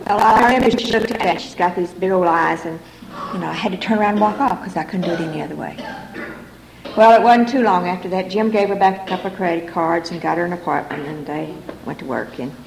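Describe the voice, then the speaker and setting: An older woman tells her own story to a meeting audience in a frank, folksy way, with wry humor. Her voice has a gravelly edge. It rings around a roomy hall with a faint hiss underneath. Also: lowish voice, quick pace. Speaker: speaker sharing her story at a recovery meeting. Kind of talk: personal testimony to a meeting audience.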